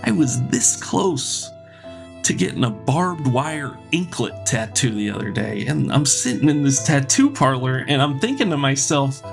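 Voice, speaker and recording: A man with a gravelly, creaky edge to his voice, performing a stand-up bit. He talks in an animated way and jumps between voices as he tells the story. Faint music sits underneath. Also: medium pitch, measured pace. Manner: animated, acting out both sides of a story. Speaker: stand-up comedian.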